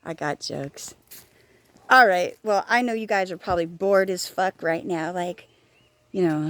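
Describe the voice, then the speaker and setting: A woman's voice: lowish voice, measured pace, fairly bright tone, no echo. A woman vlogging outdoors on a walk, talking frankly and rambling, swearing freely and joking at herself. She says she is hard of hearing. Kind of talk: casual talking-to-camera vlog.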